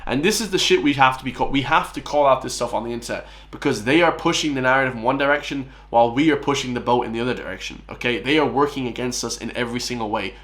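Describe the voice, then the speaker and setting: A man in his late twenties rants through a reaction commentary in a mid-pitched voice. He sounds scornful and combative, and keeps turning to his viewers as lads and guys. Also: quick pace, hardly any pauses, fairly bright tone. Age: 20s.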